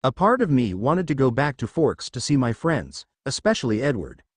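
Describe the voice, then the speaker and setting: A man narrating a first-person story in an expressive reading voice. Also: medium pitch, moderate pace, slightly rough, no echo, clean studio sound.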